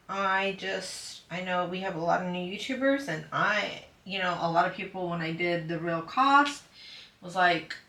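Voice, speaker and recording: A woman's voice: a bit bright, reverberant, distant mic. A woman hosting a hobby channel, chatting casually to viewers and acting out what other people said. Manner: chatty, acts out quoted people in a higher voice. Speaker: diamond painting channel host. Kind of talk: casual chat to a live audience.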